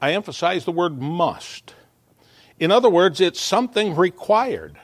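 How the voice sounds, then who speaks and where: A man's voice: high voice, big pitch swings, measured pace, no echo. A man preaching a sermon as pastor, earnest and building to emphatic peaks, with small stumbling asides.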